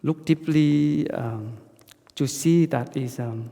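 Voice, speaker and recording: Male Buddhist monk; soft, halting dharma talk in a hall with long reverb. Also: on the high side, creaky. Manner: halting, simple English with frequent restarts.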